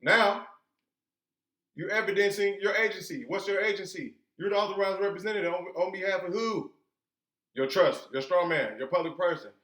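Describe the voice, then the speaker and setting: A man's voice: high-pitched, normal speed, fairly bright tone. Emphatic man teaching in an echoey room. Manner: emphatic, asks rhetorical questions and answers them; colloquial. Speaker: instructor. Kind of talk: informal teaching talk.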